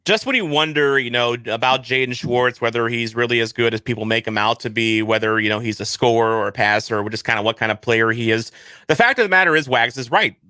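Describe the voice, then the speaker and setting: A man's voice: mid-range voice, fast, bright, forceful tone, clear, resonant tone, no room sound. A man hosting a casual podcast, rambling and self-deprecating, often stumbling and repeating words. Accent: St. Louis. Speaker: podcast host.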